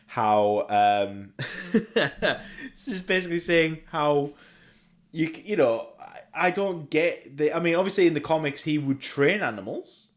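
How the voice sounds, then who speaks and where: A man's voice: a little high, expressive, a little slow. A middle-aged Australian man co-hosting a podcast, rambling eagerly like a comic-book fan in casual chat. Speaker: podcast co-host.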